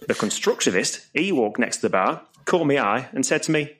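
Brief: male compere, stand-up storytelling, pitch swings around a lot. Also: fairly quick, few pauses. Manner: lively storytelling with put-on voices for characters. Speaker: comedian and compere. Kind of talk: stand-up comedy routine.

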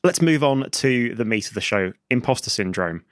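A man hosting a podcast, steering the discussion in a measured way and filling his pauses with "uh". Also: medium pitch, animated, no room sound, studio quality. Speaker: podcast host.

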